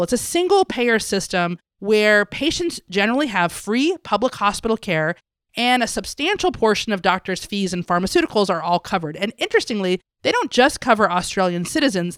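Female podcast co-host, mid pitch, dry close sound, friendly explanatory summary. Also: fairly bright tone, no echo. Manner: friendly, explanatory, casual fillers. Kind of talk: conversational medical podcast summary.

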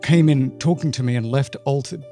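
A man's voice: medium pitch, a little fast, warm tone, faint music behind. A male physician co-hosting a medical education podcast, explaining clinical complications in a plain-spoken way with vivid asides.

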